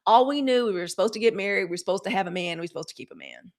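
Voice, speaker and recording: A Gen X woman hosts a live commentary show in a candid, profane way. She keeps slipping into mock quotes and teasing asides. Her voice sits at an ordinary middle pitch for a woman. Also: lively intonation, racing. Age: 40s or 50s. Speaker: host.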